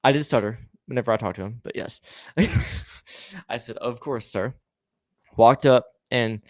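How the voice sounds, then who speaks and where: A man's voice: mid-range voice, expressive, fairly quick, no room sound, clean studio sound. A man casually telling a story to a co-host, rambling with stammering restarts and swearing, acting out the lines of the people in it.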